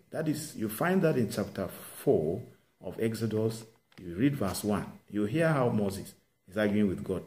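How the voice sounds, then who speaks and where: A man preaching a sermon, retelling a story with animated delivery and exhorting his listeners. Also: on the low side.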